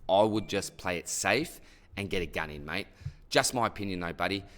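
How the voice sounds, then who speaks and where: A man's voice: sits low, animated, normal speed, a bit bright. An Australian man hosting a casual fantasy sports Q&A, answering listener questions in a chatty, matey way. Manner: matey and chatty, tags most sentences with "mate" or "buddy". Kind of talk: casual mailbag Q&A.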